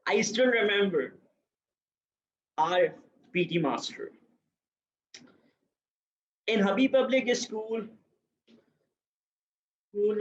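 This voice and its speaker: A young man in his twenties with a Pakistani accent gives a prepared speech at a speaking club, often repeating words as he searches for the next phrase. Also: high-pitched. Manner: halting, repeats many words while searching. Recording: echoey, muffled room recording.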